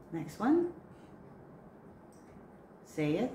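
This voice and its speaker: A woman coaching church readers through a pronunciation drill, giving slow, patient prompts with long pauses between them. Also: fairly low pitch, sing-song. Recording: echoey room with faint noise.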